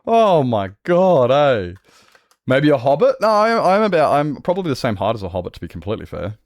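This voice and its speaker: A rough-edged Australian man chats with his stream audience, swearing freely and laughing often. His pitch jumps around in lively swings. The sound is dry and close, picked up on a desk microphone. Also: fast talker, dry recording. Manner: animated, jokey, laughs often. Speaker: game streamer. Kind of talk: live game-stream chat.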